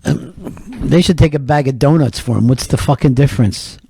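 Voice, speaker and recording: A man's voice: medium pitch, a little fast, creaky, mellow, slight background noise. A middle-aged man hosting a comedy radio show, blunt, profane and mocking. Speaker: radio host.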